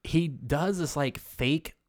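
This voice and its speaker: Taking it slowly, a man with a fairly high voice co-hosts a horror podcast, keeping things laid-back, swearing occasionally and reading out the episode credits. The sound is clean studio audio with no room sound.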